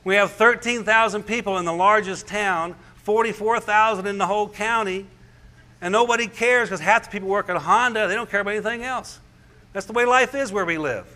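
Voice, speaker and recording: Man, pastor and radio host, high voice, animated storytelling, chuckling disbelief. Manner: incredulous, chuckling, acts out the quoted speakers. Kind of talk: animated first-person storytelling to an audience.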